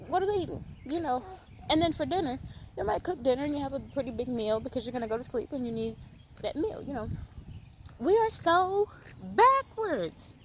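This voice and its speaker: A woman hosting a vlog lectures the camera directly in a high, fast voice, emphatic and scolding as she fires rhetorical questions at her viewers. There is a little hiss or hum in the audio.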